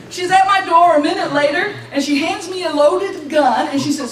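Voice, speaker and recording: A young woman giving an animated church testimony, acting out the voices in her story and laughing between lines. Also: very high-pitched, normal speed. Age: young adult. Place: church hall. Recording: echoey hall, distant mic, faint hiss.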